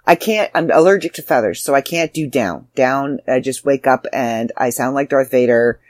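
A woman's voice: rumbling low, moderate pace, darkish tone, no echo. A woman, hosting her own podcast as an author, chatty and self-deprecating, sounding tired. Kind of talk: casual solo podcast chat.

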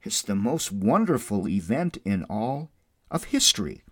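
A man delivers an Easter sermon in a low voice, recorded close and dry with no room sound. He moves from hushed, sorrowful stretches to booming, exultant high points. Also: very animated, unhurried, husky, no echo. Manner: swells from soft and mournful to loud and jubilant. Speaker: pastor.

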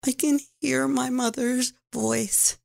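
A woman speaking as a frightened six-year-old girl taken from home, halting and pleading, at times whispering. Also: high-pitched, steady tone, gravelly, darkish tone, full character voice.

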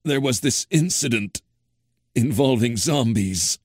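A halting wounded cop from an old game. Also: male voice, mid-range voice, expressive, no room sound, clean studio sound. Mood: grave. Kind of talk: 1990s video game voice acting.

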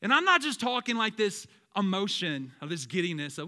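A young male pastor delivers a dynamic sermon in a high, bright voice. He surges into loud, emphatic lines, then drops to low, quiet ones. He calls on the congregation to repeat words back to him. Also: sing-song, fairly quick.

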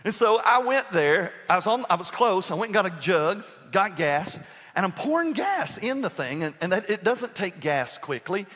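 An older man preaches to his congregation with lively, humorous storytelling, firing questions at the room. His voice sits slightly high and moves through a wide, expressive range. A long church reverb trails behind every phrase. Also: moderate pace. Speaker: pastor. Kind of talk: sermon. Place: church sanctuary.

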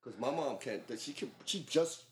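A man's voice: mid-range voice, expressive, normal speed, crowd noise. A man in casual chat with friends, easygoing and asking the others questions.

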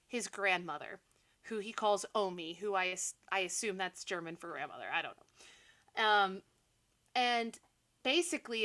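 A woman's voice: fairly high pitch, sharp tone. A young woman co-hosting a podcast, animatedly recapping a movie with sarcastic asides and frequent laughs. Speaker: podcast co-host. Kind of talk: casual movie recap chat.

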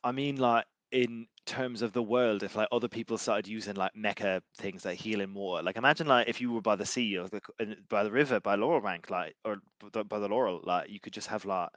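Casual male player, lowish pitch, filler-heavy chatter, dry mic. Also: a little fast, few pauses, a bit bright, dry recording. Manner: chatty, hesitant, many likes. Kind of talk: casual tabletop role-play.

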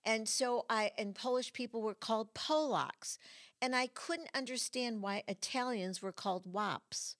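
A middle-aged woman from Michigan hosting a casual chat, animated and telling stories with acted-out quotes. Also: on the high side, measured pace. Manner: animated storyteller, acts out quotes. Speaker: host.

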